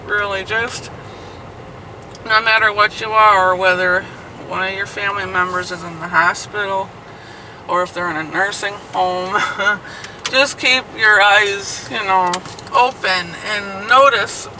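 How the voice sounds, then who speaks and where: A man with a high voice speaks slowly and drags out his outraged words, swearing as he tells a story about care work. He is talking inside a car, and loud road noise rolls under his voice. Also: fairly even intonation, recorded from a distance, poor audio. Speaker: nursing trainee. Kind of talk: casual chat.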